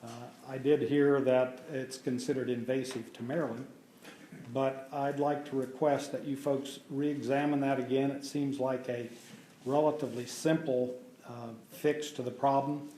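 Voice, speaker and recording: A man giving public comment at a meeting, measured and hesitant with frequent fillers. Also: medium pitch, level tone, warm tone, slight background noise. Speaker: resident speaking at public meeting. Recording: echoey hall.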